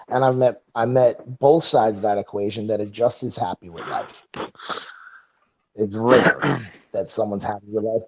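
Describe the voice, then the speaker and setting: Low-voiced man in casual podcast chat. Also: a little mellow, muffled recording. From New York. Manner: swears freely, repeats words, laughs often. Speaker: podcast co-host.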